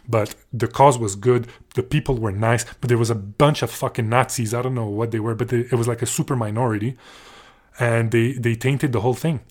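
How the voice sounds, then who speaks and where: A man's voice: mid-range voice, steady tone, fairly quick, darkish tone. A young man from Canada telling a rambling, sarcastic story on his podcast, swearing often and restarting his sentences. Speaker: podcast host. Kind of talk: casual storytelling monologue.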